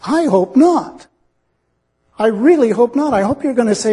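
A man's voice: very high-pitched, lively intonation, moderate pace, pauses often, dark tone, breathy edge, in a large hall. A man preaching a sermon in an earnest, reasoning way, acting out little dialogues to make his point.

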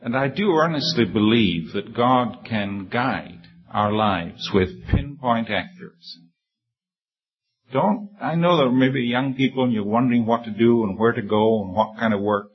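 A man's voice: unhurried, slightly rough, lo-fi sound. A man preaching a sermon, reading scripture and telling a personal story in an earnest, humble manner, often restarting phrases. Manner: earnest, humble, with frequent restarts and emphatic high peaks.

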